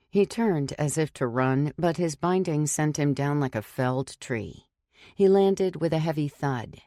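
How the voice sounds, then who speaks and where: Low-voiced woman narrating horror. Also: mellow, no echo, studio quality. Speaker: audiobook narrator.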